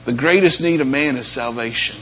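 A man preaching a sermon, dropping to near-whispers and then rising to loud, emphatic peaks. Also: medium pitch, brisk. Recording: dull lo-fi sound with faint mains hum.

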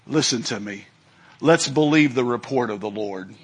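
A man's voice: medium pitch, moderate pace, background noise. A middle-aged male preacher giving a folksy sermon, telling stories and acting out the people in them. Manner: folksy storytelling, acts out quoted voices, laughs often.

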